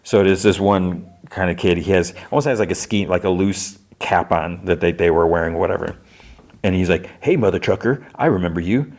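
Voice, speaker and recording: Podcast host, male, very low voice, loose rambling retelling. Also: fairly even intonation, normal speed, darkish tone. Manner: rambling, loose delivery full of "like" and restarts. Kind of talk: casual spoken recap.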